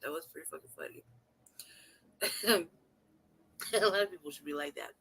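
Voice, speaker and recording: Bright-voiced host who laughs constantly. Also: medium pitch, normal speed, vocal fry, breathy edge. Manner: laughing often, profane, casual and rambling. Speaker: channel host. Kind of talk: reaction commentary.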